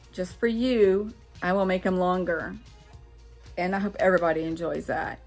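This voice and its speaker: Excitable woman chatting to camera, gets loud, bit of music behind. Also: medium pitch. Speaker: vlogger. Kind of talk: casual chat to camera.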